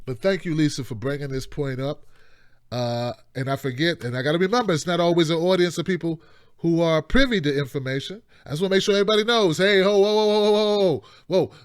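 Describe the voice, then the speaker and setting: A man's voice: on the high side, quick pace, smooth, no echo, studio quality. A man hosting a live call-in show, delivering impassioned political commentary in a rambling, emphatic way with mocking asides.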